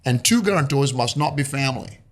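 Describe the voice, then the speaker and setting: A brisk, lively-intoned man of medium pitch, this Brazilian guest investor in his fifties narrates his story during an interview. Portuguese is his native tongue, he has a Brazilian accent, and he acts out voices with animation.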